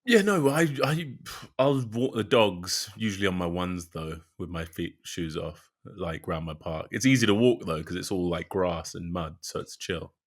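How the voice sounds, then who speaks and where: A man's voice: deep voice, moderate pace, hardly any pauses. A man co-hosting a podcast in casual chat, laid-back with short replies. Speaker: podcast co-host.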